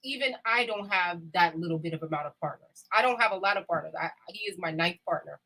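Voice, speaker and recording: A woman's voice: fairly low pitch, expressive, quick pace, sharp tone, low-quality recording. A woman in candid casual chat, talking bluntly and emphatically with frequent swearing. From United States.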